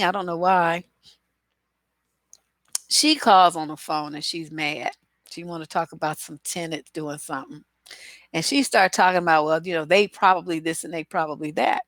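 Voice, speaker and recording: A woman's voice: low-pitched, a bit bright, no echo. A woman relationship coach giving casual livestream advice, chatty and blunt, with many filler phrases.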